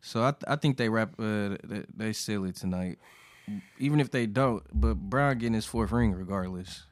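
A man's voice: lowish voice, normal speed, no room sound, studio quality. A man co-hosting a casual sports podcast, laid-back and profane with lots of slang. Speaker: podcast co-host.

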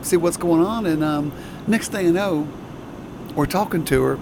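A man's voice: fairly high pitch, moderate pace, gravelly, background noise. A man flight attendant recalling an in-flight incident in a hesitant, rambling way. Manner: hesitant, many fillers and restarts. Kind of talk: casual storytelling.

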